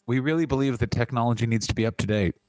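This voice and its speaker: A man co-hosting a podcast, telling crude, animated comic stories from a corner of his living room. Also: medium pitch, very fast, dry recording, studio quality. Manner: animated, profane storytelling. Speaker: podcast co-host. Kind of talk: crude comedic banter.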